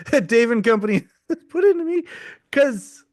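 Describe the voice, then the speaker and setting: A man's voice: very high-pitched, expressive, a little slow, a little mellow, no room sound, clean studio sound. A middle-aged man, hosting a podcast in casual chat, joking and candid, laughing often. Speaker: podcast host.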